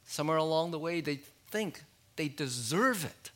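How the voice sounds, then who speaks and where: A man preaching a sermon in a conversational way, asking his listeners questions and dropping low and quiet on key words. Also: expressive, moderate pace. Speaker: pastor.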